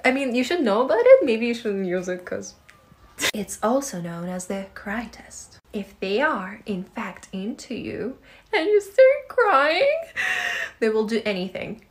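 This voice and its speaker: Slow, lively-voiced woman giving a tip. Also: on the high side. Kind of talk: short advice clip.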